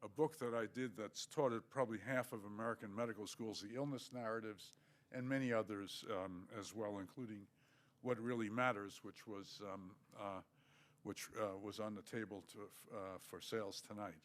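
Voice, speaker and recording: An older man giving an academic lecture, measured and halting, with many fillers. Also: on the low side, steady tone. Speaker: guest lecturer.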